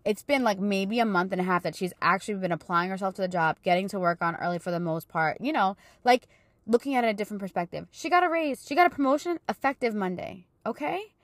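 A woman's voice: medium pitch, lively intonation, fast, dry recording. Dry-sounding chatty woman in her thirties. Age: 30s. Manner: chatty, encouraging, faith-filled; emotional and fervent in praise. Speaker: podcast host and life coach. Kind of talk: casual motivational talk.

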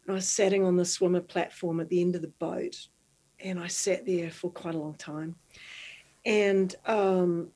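Middle-aged woman, New Zealand accent, interview guest, animated storyteller with a giggle. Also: fairly low pitch, normal speed, breathy edge. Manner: animated, lively storyteller who giggles easily. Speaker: guest, marathon swimmer. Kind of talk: storytelling in conversation.

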